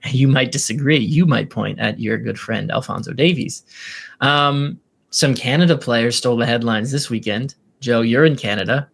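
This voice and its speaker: Gravelly-voiced man hosting a soccer podcast. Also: medium pitch, moderate pace, a bit bright. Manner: rundown of player news with many ums, opinionated. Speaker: podcast host. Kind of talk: casual soccer podcast talk.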